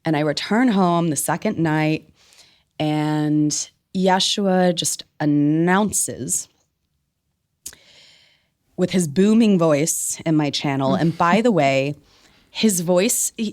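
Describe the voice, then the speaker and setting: A woman guest telling an animated personal story in a conversation, laughing often and filling her speech with "like.". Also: low-pitched, slow pace. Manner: expressive, laughs often, many "like" fillers. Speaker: podcast guest, spiritual medium.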